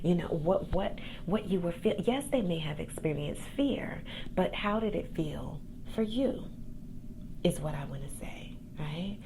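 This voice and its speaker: A woman hosting a podcast, giving a calm, soft-spoken motivational pep talk about faith and gifts as a coach. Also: fairly low pitch, unhurried, vocal fry, noisy background. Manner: faith-based encouragement. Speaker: podcast host and accountability coach.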